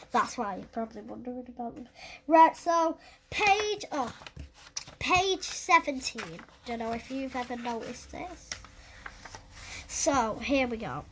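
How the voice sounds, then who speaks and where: A British speaker showing books on a casual vlog, thinking aloud with many fillers and pauses while flipping through pages. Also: medium pitch, a bit bright, slight background noise. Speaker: book collector vlogger. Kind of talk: casual show-and-tell.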